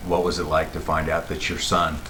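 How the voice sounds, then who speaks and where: Deep low guy, reporter, asks short halting questions from across the room, faint hum. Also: monotone, pushed and bright. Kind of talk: press question.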